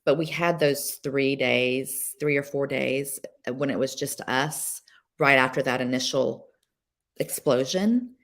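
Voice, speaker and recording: A woman guest sharing a personal story on a podcast, emotional and halting, with many fillers and restarts. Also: a bass voice. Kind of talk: candid personal testimony.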